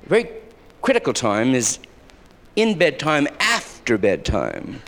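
Animated profane male stand-up comedian. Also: medium pitch, a little slow. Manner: profane, rambling storytelling that slips into character voices. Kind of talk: stand-up routine. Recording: archival live club recording with long reverb and faint hiss.

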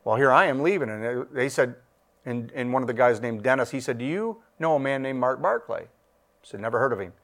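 A man's voice: mid-range voice, lively intonation, a little fast, fairly bright tone. A middle-aged man preaches his testimony to a congregation. His voice sits in a middle register and stays earnest throughout. He stumbles and repeats words as he goes, and he rises in volume when he gets fired up. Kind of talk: testimony sermon.

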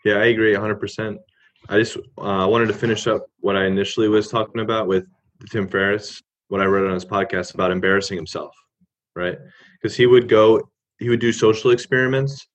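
A man talking as an interview guest, relaxed and drifting off on tangents with frequent "you know"s. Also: fairly low pitch, brisk. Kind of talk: casual interview chat. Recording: muffled, lo-fi sound.

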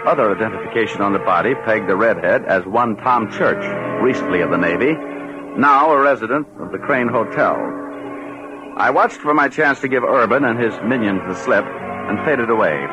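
An actor in a 1940s radio drama playing a wisecracking private eye who also narrates in slang. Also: male voice, medium pitch, expressive, brisk, lightly acted. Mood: narrating. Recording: muffled old radio recording with music.

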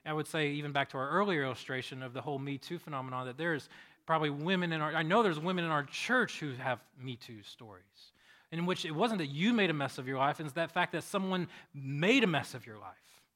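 A man's voice: on the high side, expressive, fairly quick, fairly bright tone. A man pastor giving a conversational sermon, telling stories animatedly with frequent restarts.

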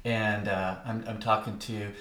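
A man's voice: on the low side, little pitch movement, a little slow, fairly bright tone, echoey room. A middle-aged man co-hosting a podcast, telling rambling stories in casual chat and laughing often. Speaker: podcast co-host.

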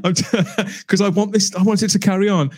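A man's voice: high-pitched, steady tone, fairly quick, no room sound. A man in a casual podcast discussion, talking with enthusiasm and frequent restarts. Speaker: podcast co-host.

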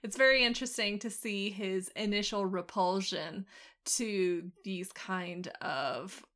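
A woman co-hosting a podcast, chatting casually about a TV show in a relaxed, rambling way with frequent laughs. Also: mid-range voice, slow pace. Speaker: podcast co-host.

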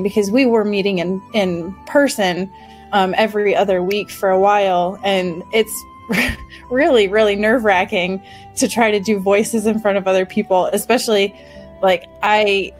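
A woman's voice: mid-range voice, steady tone, normal speed, soft background music, poor audio. A woman game master in a casual panel chat, chatty, laughing often and trailing off into restarts.

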